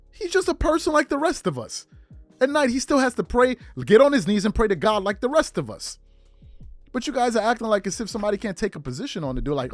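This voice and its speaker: A man's voice: very high voice, dry recording. A man hosting a podcast, delivering a heated opinion rant full of rhetorical questions and emphatic repetition. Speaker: podcast host.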